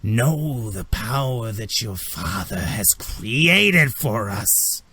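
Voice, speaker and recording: A man voicing a menacing spore-infested mother in a tabletop game, speaking slowly and low. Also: very animated, bright, forceful tone, husky, dry recording, full character voice.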